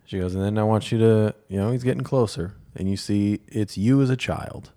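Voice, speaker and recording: Man, low voice, casual podcast chat, candid, self-deprecating storyteller. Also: brisk, mellow. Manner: candid, self-deprecating, quotes others in dialogue. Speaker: podcast co-host.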